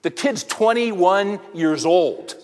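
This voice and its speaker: Middle-aged male speaker, fairly high pitch, chatty storytelling sermon to men, recorded in a reverberant hall. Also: slow pace, a little mellow. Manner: rambling anecdotes with rhetorical questions to the audience. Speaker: speaker addressing a men's audience.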